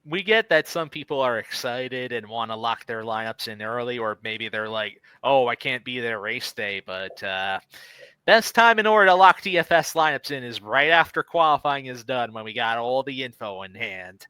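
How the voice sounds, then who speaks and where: A man's voice: mid-range voice, normal speed, clean tone, dry recording, poor audio. A man hosting a casual racing and betting chat over a video call, leading the segments. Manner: lively, leads the segments. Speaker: podcast host.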